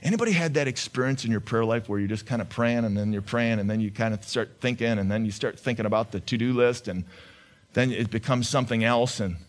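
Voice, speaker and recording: A man's voice: medium pitch, quick pace. A male pastor preaching a conversational sermon, questioning the congregation and often repeating his words.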